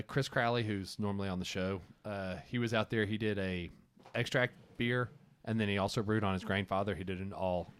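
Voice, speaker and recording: A man recounting events on a beer podcast, halting with lots of fillers. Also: lowish voice. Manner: halting, filler-heavy storytelling. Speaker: podcast co-host. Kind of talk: casual storytelling chat. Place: brewery studio.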